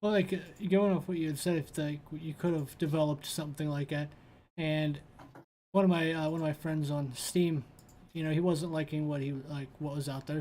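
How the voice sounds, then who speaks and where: A man co-hosting a casual gaming chat, easygoing and halting with fillers. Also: a little high, darkish tone, a little hiss or hum. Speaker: podcast co-host.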